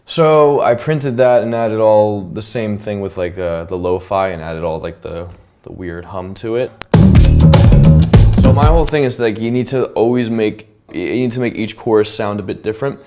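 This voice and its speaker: Animated man breaking down his song. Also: on the low side, moderate pace. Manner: animated, hums and sings snippets, laughs often. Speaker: songwriter and producer. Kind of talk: casual studio breakdown. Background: loud music playing.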